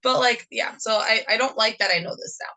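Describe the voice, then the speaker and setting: A woman's voice: fairly high pitch, a little fast, sharp tone, rough recording. A woman with a New Jersey accent co-hosting a casual chat podcast, talkative and rambling from topic to topic. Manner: chatty, rambling, jumps between topics. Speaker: podcast co-host.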